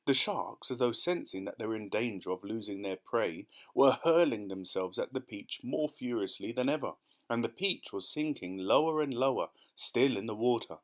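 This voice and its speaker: A man's voice: mid-range voice, expressive, moderate pace. A man reading a children's audiobook as narrator, telling the story steadily and expressively. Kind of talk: scripted narration.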